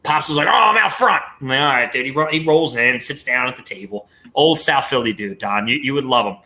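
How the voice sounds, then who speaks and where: A man, hosting a podcast and telling a story in lively casual chat, swearing freely. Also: medium pitch, a little fast. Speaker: podcast host.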